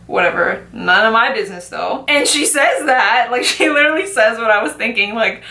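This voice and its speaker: A young adult woman vlogger telling stories in casual chat while doing her makeup, animated and slangy. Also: a little high, moderate pace, gravelly. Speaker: beauty vlogger. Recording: roomy echo.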